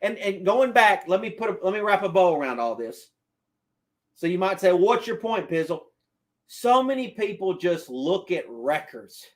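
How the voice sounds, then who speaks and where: A man's voice: high voice, sing-song, normal speed. A man streaming casual football commentary, emphatic and repetitive, answering his chat. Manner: emphatic, repeats himself, argues with chat. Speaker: sports streamer.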